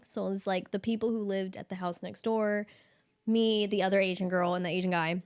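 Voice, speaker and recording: A woman's voice: mid-range voice, steady tone, a little fast, smooth. A young woman in her twenties, chatting casually as a podcast guest, rambling and giggly with lots of likes. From United States, Filipino family. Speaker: podcast guest, bodywork practitioner. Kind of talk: casual chat.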